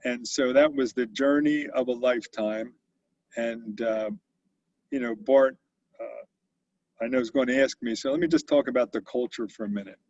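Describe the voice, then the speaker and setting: An older man spins business stories in an animated way. He often slips into the voices of the people he quotes. His voice is gravelly and sits at a middle pitch. It is recorded dry and sounds dull and lo-fi. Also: normal speed, dry recording. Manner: animated storyteller who acts out quotes. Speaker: company founder and guest speaker. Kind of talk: storytelling interview.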